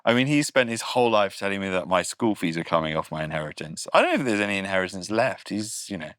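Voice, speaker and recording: An English man with a low, deep voice chats as a podcast guest. He is wry and self-deprecating and laughs often. The sound is dry and close, with no room echo. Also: sing-song, quick pace, a bit bright. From Britain. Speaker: guest comedian. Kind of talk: casual podcast chat.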